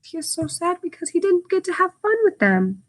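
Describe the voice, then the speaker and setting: A woman reading a picture book aloud to children, stopping to explain words in simple terms and adding lively asides and sound effects. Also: very high voice, brisk.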